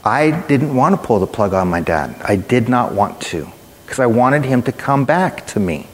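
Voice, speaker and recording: A man's voice: medium pitch, sing-song, normal speed, slight background noise. A man preaching a sermon, telling a personal story in a conversational way and speaking directly to his listeners. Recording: long hall reverb.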